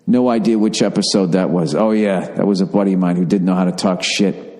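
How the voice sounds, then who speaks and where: A middle-aged man talks through a loose, profane podcast monologue, drifting from one story to the next as he reads out listener messages. His voice sits fairly low, and a long reverb trails after his words. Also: darkish tone. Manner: rambling, profane, reading listener requests aloud. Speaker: podcast host.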